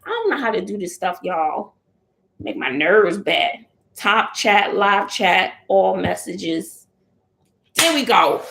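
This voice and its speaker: A woman's voice: mid-range voice, very animated, slow pace, gravelly, fairly bright tone, reverberant. A middle-aged woman, chatting casually with viewers live from home, laughing often and calling them honey and child. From Texas. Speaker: channel host doing a live chat. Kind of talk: casual livestream chat. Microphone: phone or computer.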